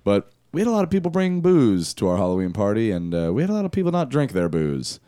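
A man's voice: fairly low pitch, big pitch swings, fast talker, warm tone, clean tone, dry recording, clean studio sound. Laid-back rambling podcast guy. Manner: rambling storyteller, laughs often. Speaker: podcast co-host. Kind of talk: casual chat.

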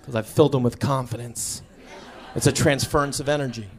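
On a stage recording filled with audience laughter and some chatter in the background, a comedian does his stand-up set. His mid-range voice is steady and a little fast as he tells stories, playing every part in the conversations he recounts.

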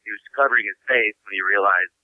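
A man's voice: on the low side, fast talker, no room sound. Rambling, swearing storyteller man on a tinny line. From Saint Louis, USA. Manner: rambling, profane, laughing storyteller. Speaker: touring musician guest. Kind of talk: casual storytelling in a podcast chat. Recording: dry, tinny phone-like sound.

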